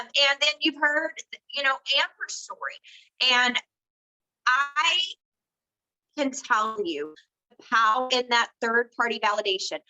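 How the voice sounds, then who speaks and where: A woman's voice: on the high side, unhurried, pauses often, bright, forceful tone, rough recording. A woman giving a casual training talk to her sales team, earnest and coaching, with many fillers and restarts.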